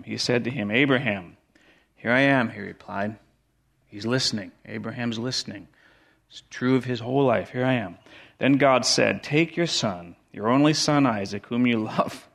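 A middle-aged man preaching a sermon earnestly, often repeating words for emphasis and dropping to quiet, low tones. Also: gravelly.

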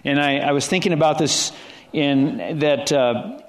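A middle-aged man retells a scripture story as a sermon in a relaxed, talky way. He stumbles, restarts and wanders into asides. His voice sits a little higher than most men's. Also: a little slow. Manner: conversational, with frequent restarts and asides. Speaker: preacher.

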